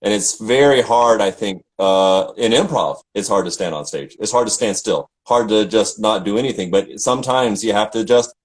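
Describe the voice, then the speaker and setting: A man's voice: fairly low pitch, normal speed, few pauses, low-quality recording. A middle-aged man from Tennessee, an opera singer chatting casually and telling stories with lots of fillers and restarts. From Tennessee, USA. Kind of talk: casual chat.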